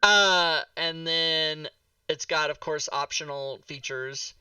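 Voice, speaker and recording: A man's voice: a little high, takes it slowly, bright, forceful tone, smooth, no echo, far from the mic. A man hosting a casual talk show about a tabletop game book, joking, swearing and laughing as he goes.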